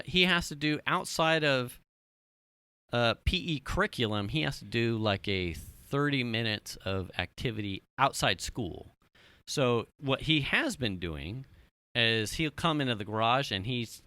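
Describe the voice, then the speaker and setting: A man's voice: mid-range voice, no room sound. A man in his thirties telling a family story on a casual podcast, swearing freely and acting out what people said. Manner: animated, swearing storyteller who acts out quotes. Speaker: podcast co-host.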